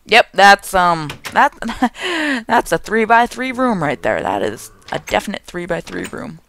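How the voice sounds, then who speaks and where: A young man runs a gaming channel and gives jokey, excitable let's-play commentary, even talking to the game's monsters. His voice sits high, with vocal fry and a measured pace.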